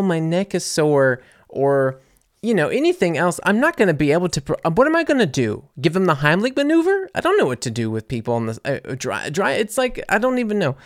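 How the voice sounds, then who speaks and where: Sarcastic, animated American man. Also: mid-range voice, dry recording, studio quality. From Louisiana, USA. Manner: animated, sarcastic, lots of fillers and restarts. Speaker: podcast host reading listener comments. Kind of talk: casual storytelling chat.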